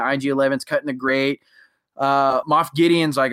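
A man's voice: mid-range voice, fairly even intonation, normal speed, a bit bright, clean tone, no room sound, studio quality. A man co-hosting a podcast, retelling a show's plot in a rambling, casual way full of fillers and acted-out quotes. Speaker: podcast co-host. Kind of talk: casual chat recapping a TV episode.

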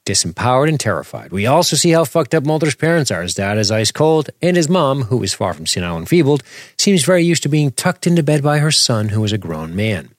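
A man's voice: medium pitch, big pitch swings, a little fast, dry recording, studio quality. A man co-hosting a casual commentary podcast, rambling and searching for words as he talks. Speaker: podcast co-host.

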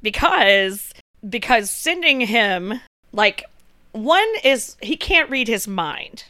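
A woman co-hosting a podcast, blunt and quick to laugh, swearing freely in casual chat. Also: a little high, lively intonation, pushed and bright, no room sound. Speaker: podcast co-host.

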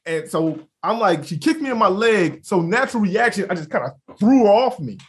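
A man's voice: high voice, a little fast. A young man co-hosting a casual podcast, telling a story with lots of swearing and laughter and acting out the other people's lines. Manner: animated storyteller, acts out quotes, laughs, swears freely. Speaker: podcast co-host.

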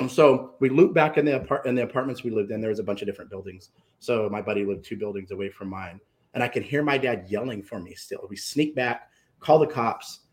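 A man's voice: lowish voice, fairly quick. Man telling a painful story with feeling. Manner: animated storyteller acting out voices, emotional. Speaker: guest author. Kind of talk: emotional personal storytelling.

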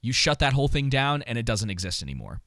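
Male podcast co-host, mid-pitched, dry close mic, animated and quick to react. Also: no echo. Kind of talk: casual podcast discussion.

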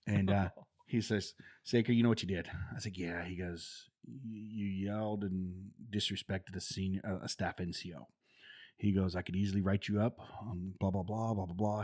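A middle-aged man, a former Marine, casually telling stories and acting out the voices of people in them. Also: on the low side. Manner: animated, acts out quoted voices, laughs often. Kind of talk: casual storytelling.

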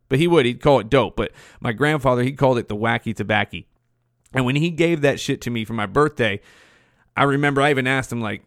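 A man's voice: mid-range voice, fast, no room sound. Male podcast host, forties, loose cursing storyteller, dry mic. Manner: profane, rambling, animated. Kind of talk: casual storytelling.

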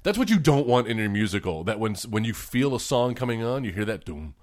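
A man of middle pitch talks in a relaxed, unhurried way in a casual review chat. He pauses on "uh" and "um" while he gathers his thoughts. His voice sounds plain and conversational. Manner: easygoing, hesitant, lots of fillers and laughs. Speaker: podcast co-host.

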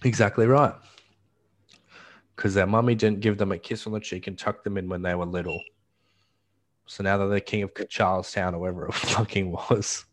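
Low-voiced young man, blunt. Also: fairly even intonation, normal speed, pauses often. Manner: agreeable, chimes in with short replies, blunt opinions. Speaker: podcast co-host. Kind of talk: casual chat.

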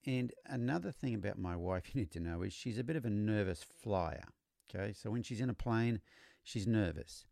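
A man hosting a podcast, explaining horse training in a relaxed storytelling way, often repeating words as he restarts. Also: on the low side, moderate pace, creaky, no room sound. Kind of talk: conversational teaching monologue.

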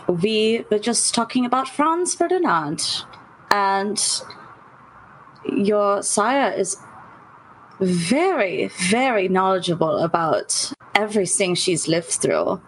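A woman playing her character in a tabletop role-playing game, calm and measured. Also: mid-range voice, a little hiss or hum, rough recording. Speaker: player.

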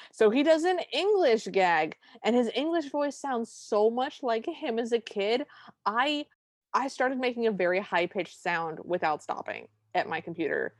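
A woman's voice: fairly high pitch, animated, measured pace, no room sound. A woman co-hosting a podcast, recapping a film in casual chat with wry, exasperated storytelling into a close mic. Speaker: podcast co-host.

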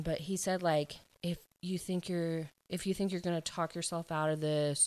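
A woman's voice: low-pitched, no room sound. A young woman casually recapping a romance novel's plot, chatty and full of "like", acting out the characters' lines. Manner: chatty, heavy use of "like", acts out quotes. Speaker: book reviewer.

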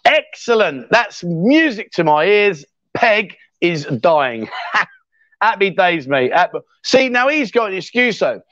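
A man's voice: sits high, sing-song, takes it slowly, fairly bright tone, no room sound. A middle-aged English man hosting a live stream, chatting in a jokey, matey way as he reads out viewers' comments. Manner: chatty and jokey, full of mate and fair play. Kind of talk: casual live-stream chat reading comments. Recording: dry, slightly dull sound.

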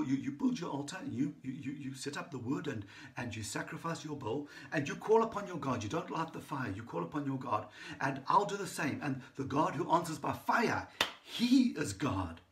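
A man voicing a fearless male prophet who taunts his rivals in a raised, high voice. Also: sing-song, normal speed. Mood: challenging. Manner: taunting, loud and high when mocking.

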